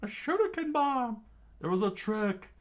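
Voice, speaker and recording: A man voicing a panicky male pirate crewman who shouts in a high, frantic voice. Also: steady tone, moderate pace. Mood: panicked.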